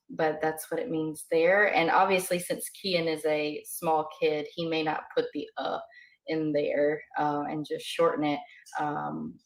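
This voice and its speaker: Casting: low-pitched woman teacher, relaxed and halting, explains word by word. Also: creaky. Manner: hesitant, many ums and uhs. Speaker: language teacher. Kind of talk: casual lesson explanation.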